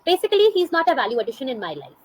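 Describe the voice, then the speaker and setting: Woman, high voice, quick, encouraging interviewer, frequent affirmations, faint noise. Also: wildly swooping pitch, poor audio. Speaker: interviewer, English teacher. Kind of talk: casual conversation practice.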